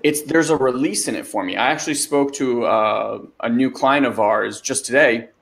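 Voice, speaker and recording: A man's voice: medium pitch, moderate pace, vocal fry, a bit bright. Casual man coaching in a webinar. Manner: loose, conversational, many fillers like "like" and "you know". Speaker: webinar host and life coach. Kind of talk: casual coaching talk answering a question.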